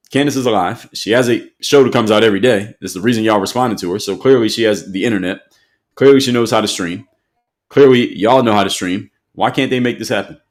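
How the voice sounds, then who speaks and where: A man hosting an opinion commentary show, speaking emphatically and repeating his points for effect. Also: fairly low pitch.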